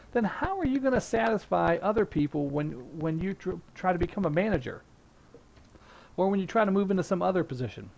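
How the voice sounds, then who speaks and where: A man's voice: a little high, creaky, darkish tone. A man teaching a help desk class in a casual, conversational way, acting out sample phone lines. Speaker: instructor. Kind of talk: casual lecture. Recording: dull lo-fi recording.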